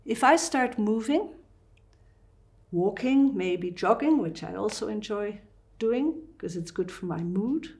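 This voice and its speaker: A woman fasting doctor with a Dutch accent, explaining fitness and breathing in an interview with lively asides. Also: mid-range voice.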